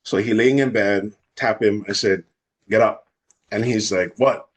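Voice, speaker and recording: A young man from Hawaii, telling a wild personal story in a fast, unfiltered way as a podcast guest. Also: fairly low pitch. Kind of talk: casual storytelling.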